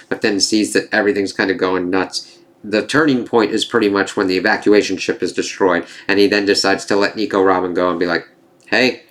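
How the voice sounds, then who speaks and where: A man's voice: deep voice, a bit bright. A man giving a casual spoken review of an anime season, rambling with fillers and swearing freely as he gets worked up.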